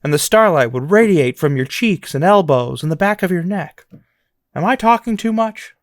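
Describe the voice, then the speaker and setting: A man doing an impression of George Bailey, an earnest young man eagerly courting, with a raised, excited, rambling delivery. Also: high voice, moderate pace, no echo, studio quality, voice pushed up. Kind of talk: comic movie impression.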